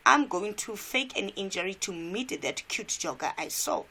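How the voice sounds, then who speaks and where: A woman's voice: medium pitch, expressive, normal speed, gravelly, sharp tone, exaggerated voice. A woman reading as a young man faking injury. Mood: scheming. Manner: reads the comic lines aloud with some emphasis.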